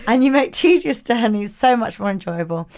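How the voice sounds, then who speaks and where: A woman in her thirties co-hosting a casual podcast, animated and laughing as she reads listener messages. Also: on the high side, moderate pace. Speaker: podcast co-host. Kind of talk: casual chat.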